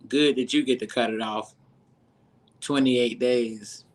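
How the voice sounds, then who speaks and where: A commentator rants about a reality show in profane, heated, sarcastic commentary, swinging from low mutters to sudden high exclamations.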